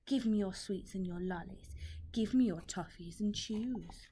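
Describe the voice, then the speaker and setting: A bullying rat robber of the road, greedy and rude, who hisses his demands in a mellow, half-whispered voice, played by a woman telling a storybook tale. The whisper sits over a faint hiss in the background. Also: medium pitch, unhurried, lightly acted. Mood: whispered menace. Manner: hushed, half-whispered menace.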